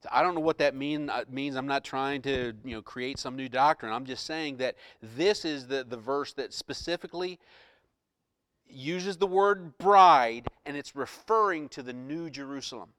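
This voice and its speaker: A man preaching a sermon as pastor, moving between soft, hushed scripture reading and loud, impassioned preaching. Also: medium pitch, moderate pace, dry recording, clean studio sound.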